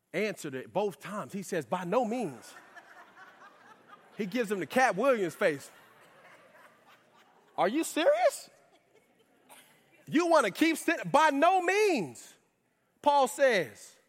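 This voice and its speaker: A man preaching a sermon in a lively, conversational way with casual slang asides. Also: high-pitched. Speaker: pastor. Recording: reverberant hall.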